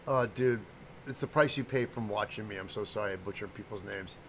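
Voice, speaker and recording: A man's voice: fairly low pitch, unhurried, creaky, long pauses, fairly bright tone, slight background noise. A middle-aged man from the American Midwest chatting loosely with viewers on a livestream, rambling and stumbling over names. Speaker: livestream host and prop maker. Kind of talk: casual livestream chat.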